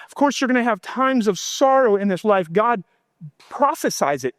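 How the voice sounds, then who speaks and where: A middle-aged male pastor preaching a sermon with fervor, slowing down for emphasis and acting out prayers and quotes. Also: high voice, expressive, fairly bright tone, no echo, clean studio sound. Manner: impassioned preaching, voicing God and himself in quotes.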